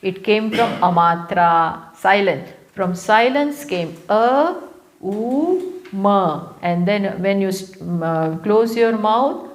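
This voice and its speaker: A woman with an Indian English accent giving a live scripture lecture as a spiritual teacher, unhurried and repeating key phrases for emphasis. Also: mid-range voice, expressive. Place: live talk venue.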